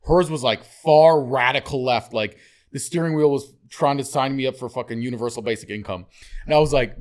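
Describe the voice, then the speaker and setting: A man hosting a casual podcast chat, with a lively, joking storytelling manner. He curses freely and slips into quick acted voices when quoting people. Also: mid-range voice. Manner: animated, jokey, swears, acts out quoted voices. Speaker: podcast host.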